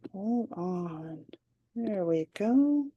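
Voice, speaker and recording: A woman teacher leading a phonics lesson for young children, sounding out words slowly and clearly for remote students. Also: mid-range voice, expressive, lo-fi sound, slight background noise. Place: home or classroom, recording for remote students. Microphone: computer mic during screen share.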